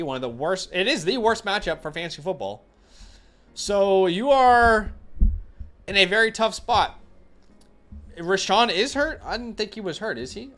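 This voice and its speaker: A man's voice: sits high, a bit bright. Rambling man giving blunt fantasy picks. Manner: rambling, thinks aloud with fillers and restarts, blunt opinions. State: runny nose. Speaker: fantasy football host answering viewer questions. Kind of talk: casual live-stream chat.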